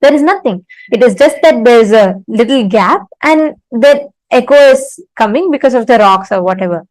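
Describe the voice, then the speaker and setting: A woman's voice: a little high, animated, darkish tone, dry recording, poor audio. Woman spiritual teacher, paced parable-telling talk, dry close sound. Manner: unhurried, pausing often, telling a story with acted-out quotes. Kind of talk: live online spiritual discourse with a parable. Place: temple.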